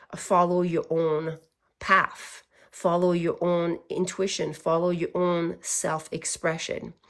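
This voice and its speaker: A woman giving a casual spiritual tarot reading, earnest and easily moved, laughing at times. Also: fairly low pitch. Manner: earnest, gets emotional, laughs. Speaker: tarot reader.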